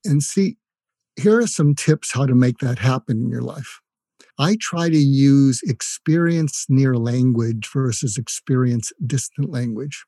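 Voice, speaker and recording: Older male guest expert, husky and mellow, earnest explainer who acts out sample lines. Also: mid-range voice, unhurried, no echo. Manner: earnest, demonstrates phrases in a softer voice. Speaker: guest psychiatrist and coach. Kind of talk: conversational explaining with acted examples.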